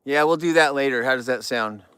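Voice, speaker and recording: A man's voice: mid-range voice, a little fast, a bit bright, smooth, no room sound. A middle-aged man chatting casually on an outdoor live stream, repeating himself for emphasis. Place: outdoors near a barn.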